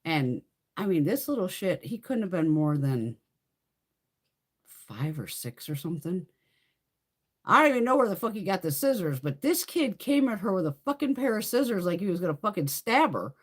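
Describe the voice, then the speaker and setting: Brief: woman beauty streamer, bouncy pitch, blunt and crude, animated storyteller. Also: normal speed. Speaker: beauty livestream host. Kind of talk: casual live chat while doing makeup.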